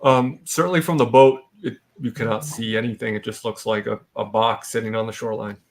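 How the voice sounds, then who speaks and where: Gravelly-voiced man running a tabletop game. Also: on the low side. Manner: halting, relaxed, with frequent ums. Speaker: dungeon master.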